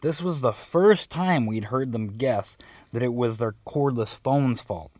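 A man's voice: medium pitch, unhurried, darkish tone, no echo. A man narrating a first-person story in a dry, wry way, voicing the quoted lines himself.

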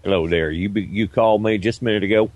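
Deadpan male co-host, lowish voice, dry joker. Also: fast, no echo, lo-fi sound. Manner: deadpan, joking. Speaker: podcast co-host making a prank call. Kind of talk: casual chat.

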